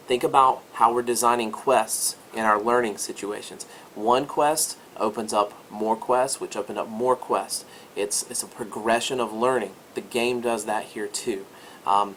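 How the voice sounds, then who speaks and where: A man's voice: on the low side, a bit bright, a little hiss or hum. A man walking through a video game step by step as a teaching demonstration, in an upbeat, chatty way. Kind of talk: screen-recorded game tutorial.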